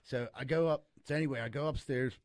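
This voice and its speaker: A man's voice: mid-range voice, fast talker. Rambling, swearing man telling a story. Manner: swearing, rambling, acts out voices in his story. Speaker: comedian. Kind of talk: casual podcast storytelling.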